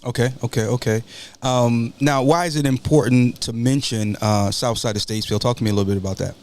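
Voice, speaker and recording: A man's voice: medium pitch, fairly even intonation, fast talker, darkish tone. A man hosting a call-in talk show, folksy and preachy, often repeating words. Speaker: talk show host and pastor.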